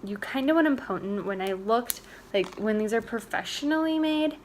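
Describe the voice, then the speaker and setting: A woman's voice: fairly high pitch, lively intonation, moderate pace, slight background noise. A young woman, a mother, chatting casually to the camera at home in a family vlog, rambling on with lots of "and" and "like". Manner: chatty, rambling, strings clauses with "and" and "like". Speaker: family vlogger.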